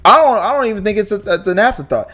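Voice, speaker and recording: A man hosting a casual movie podcast, talking in an animated way with many restarts. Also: high voice, rapid-fire, faint music behind. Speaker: podcast host.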